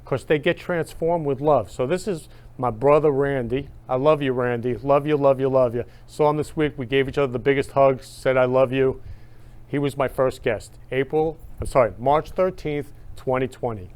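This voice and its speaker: A man hosting his own show, talking in an eager, gushing monologue that swings up loud on key phrases. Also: medium pitch, normal speed. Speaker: host. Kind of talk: enthusiastic casual monologue.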